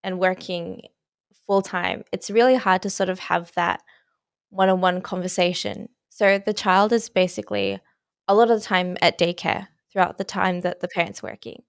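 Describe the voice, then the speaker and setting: A woman's voice: lowish voice, steady tone, moderate pace, vocal fry, dry recording, studio quality. A young woman in her twenties hosting a podcast, asking tentative questions with many qualifiers. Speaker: podcast host.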